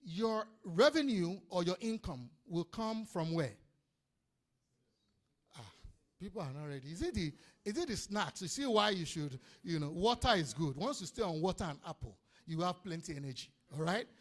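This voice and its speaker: A man with a Nigerian accent giving an energetic business seminar talk, calling out to the audience and repeating his points. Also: high-pitched, moderate pace. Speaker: business speaker. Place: conference hall before an audience.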